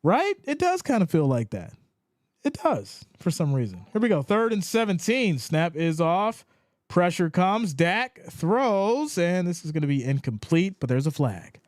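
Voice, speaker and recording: Male stream host calling game plays; fairly high, animated, dry mic. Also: moderate pace, no room sound. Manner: animated, rises in pitch when excited. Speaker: live stream play-by-play host. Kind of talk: play-by-play commentary with chat reading.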